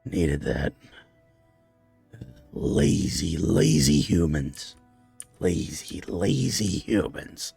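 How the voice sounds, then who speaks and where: A man voicing a huge, cruel frog-like monster that talks in a slow, gloating growl. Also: deep voice, big pitch swings, gravelly, dark tone, slightly rough, faint music behind, pitched below the performer's own voice, heavily acted.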